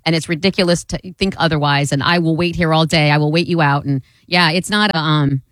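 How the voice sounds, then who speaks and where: A woman co-hosting a talk radio show, teasing her partner and talking in quick animated bursts. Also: sits low, dry recording. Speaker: radio co-host. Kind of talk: casual talk radio banter.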